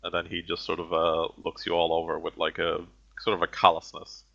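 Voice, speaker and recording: A man's voice: low-pitched, completely flat delivery, fairly quick, gravelly, pushed and bright. A man narrating a tabletop game as game master, hesitant with many fillers. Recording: dull lo-fi audio.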